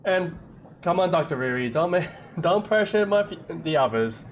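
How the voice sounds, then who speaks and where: Lively game streamer bantering with chat, bouncy intonation, light hiss. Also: mid-range voice, normal speed. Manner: animated, impulsive chatter with the chat. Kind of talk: live game stream commentary.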